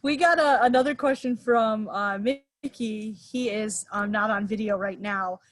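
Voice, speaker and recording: A woman's voice: medium pitch, fairly even intonation, measured pace, dry recording. A woman moderating a webinar. She passes audience questions to the speaker in a hesitant way with many fillers.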